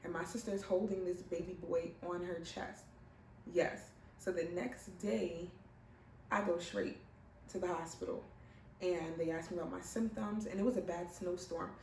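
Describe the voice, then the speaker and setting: A young pregnant woman shares her own story casually, speaking a little low. Her voice carries a roomy echo from a mic set some way back, with faint ambience behind. She is animated and now and then acts out other people's lines. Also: normal speed, recorded from a distance, a little hiss or hum. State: heavily pregnant. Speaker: vlogger.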